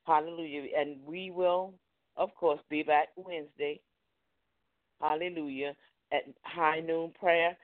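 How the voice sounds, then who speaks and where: A man's voice: on the high side, steady tone, unhurried. A man hosting a live ministry broadcast, giving announcements in a chatty way full of amens and hallelujahs. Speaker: ministry host and preacher. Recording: phone-like narrow sound.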